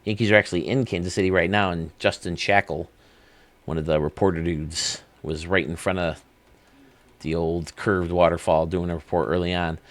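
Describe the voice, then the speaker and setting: Man, low voice, dry close sound, enthusiastic, rambling gaming commentary. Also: fairly even intonation, moderate pace, dry recording. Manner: enthusiastic, rambling, thinks aloud. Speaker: video game channel host. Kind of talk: casual commentary, showcasing game stadiums.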